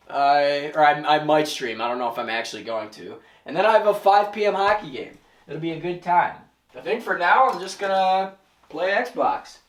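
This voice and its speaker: A man in his thirties talking casually to camera in a vlog, rambling and self-mocking with sudden loud outbursts. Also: fairly high pitch. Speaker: vlogger.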